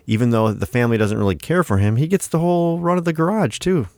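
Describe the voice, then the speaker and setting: American man, gravelly voice, crude joking, dry close recording. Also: mid-range voice, quick pace, a little mellow, dry recording. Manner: crude, joking, puts on mock accents. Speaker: podcast co-host. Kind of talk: casual chat.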